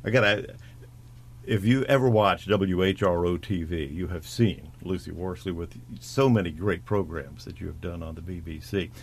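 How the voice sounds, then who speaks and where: Host: middle-aged American man, very low voice, genial, rambling. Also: moderate pace, creaky, breathy edge. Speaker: interview host. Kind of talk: broadcast interview.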